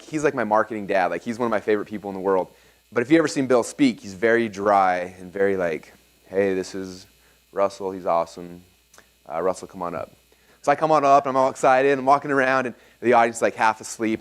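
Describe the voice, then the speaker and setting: A man speaks quickly to a live seminar room, his pitch sitting in an ordinary middle register. He teaches through energetic stories, tripping over restarts and filling gaps with "um" and "like" as he goes. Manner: energetic storytelling with many fillers and restarts.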